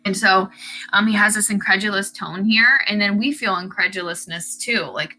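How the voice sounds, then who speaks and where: A woman's voice: mid-range voice, normal speed, pushed and bright, poor audio. A woman teacher explaining the tone and word choice of an essay, reading passages aloud and commenting on them. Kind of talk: lesson analyzing an essay's tone.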